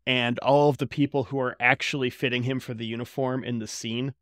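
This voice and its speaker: A man's voice: mid-range voice, level tone, fairly quick, fairly bright tone, dry recording, clean studio sound. A man co-hosting a casual podcast, recapping a show in a joking, laid-back way. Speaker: podcast co-host. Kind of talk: casual chat. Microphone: home podcast mic.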